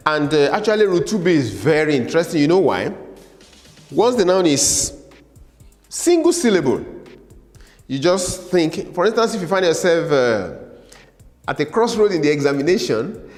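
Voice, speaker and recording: A male teacher leads a slow, patient classroom lesson, repeating each word and having listeners echo it back. His voice sits a touch high and swings widely in pitch. The sound carries a long reverb tail, as if recorded in a large bare room. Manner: repeats words slowly and asks listeners to say them after him. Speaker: language teacher.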